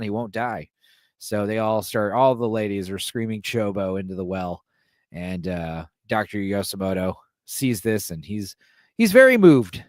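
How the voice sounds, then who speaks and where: A man's voice: lowish voice, dry recording, studio quality. A man hosting a podcast, retelling a film's plot in a casual, irreverent, joking way. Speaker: podcast host. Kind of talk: casual film recap.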